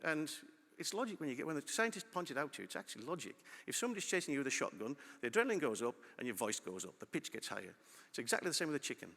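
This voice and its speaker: A middle-aged man giving a lively conference talk and asking the audience questions. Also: a little high, racing, gravelly, hardly any pauses. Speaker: conference speaker. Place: large conference hall. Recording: long hall reverb.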